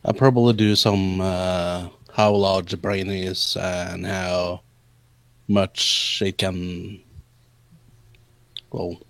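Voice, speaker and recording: A man plays a tabletop role-playing game, speaking slowly and haltingly through many hesitations. His voice sits low, and the sound is close and dry. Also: flat delivery, no room sound. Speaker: player. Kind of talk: casual tabletop game play.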